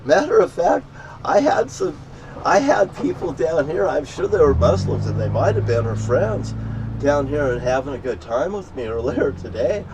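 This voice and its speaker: A man delivering a profane, boastful, threatening rant outdoors, swearing constantly and breaking into loud outbursts. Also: fairly high pitch, very animated, moderate pace. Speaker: street ranter. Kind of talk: profane angry monologue. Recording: distant mic with faint background noise.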